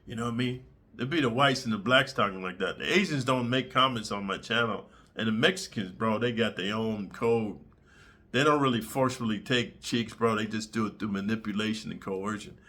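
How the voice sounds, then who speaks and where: Bright-voiced, streetwise man telling stories. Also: on the low side, brisk. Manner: streetwise, blunt, animated with slang. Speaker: channel host. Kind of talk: crude prison storytelling monologue.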